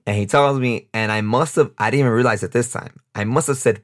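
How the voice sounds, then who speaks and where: A man's voice: medium pitch, brisk, hardly any pauses. A young man with a New York accent, hosting a casual solo podcast and talking in a rambling, off-the-cuff way with frequent laughs. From United States, New York. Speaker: podcast host.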